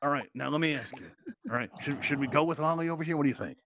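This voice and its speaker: Fast-talking teasing male game show host. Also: a little high, lively intonation, fairly bright tone, highs cut off, slight background noise. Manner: playful, teasing banter with contestants. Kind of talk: hosting a live virtual reality game show.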